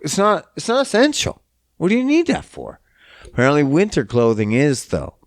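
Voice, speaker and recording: A man's voice: a little high, wildly swooping pitch, moderate pace, no echo, clean studio sound. A young man from Canada hosting a podcast, ranting in a profane, exasperated and mocking way. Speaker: podcast host. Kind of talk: casual solo rant.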